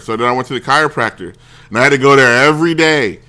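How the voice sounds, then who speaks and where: Bright-voiced rambling male storyteller. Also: medium pitch, fast. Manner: rambling, self-interrupting, acts out quoted voices. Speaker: show host. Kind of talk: casual storytelling on a talk show.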